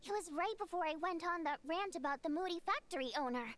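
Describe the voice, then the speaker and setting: Fields: a bubbly, very high-voiced young woman. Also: fast talker. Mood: chatty. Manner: chatty, teasing, excitable. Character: bubbly, chatty young woman performer, teasing. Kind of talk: video game voice acting.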